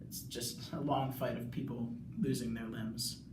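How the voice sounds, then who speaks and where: A young male student rambling through a casual plot recap, full of "like"s, now and then yelling. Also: medium pitch, level tone, unhurried, a little hiss or hum. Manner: rambling, many "like"s, bursts of yelling. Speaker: student video reviewer. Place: bathroom. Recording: echoey bathroom, mic far off.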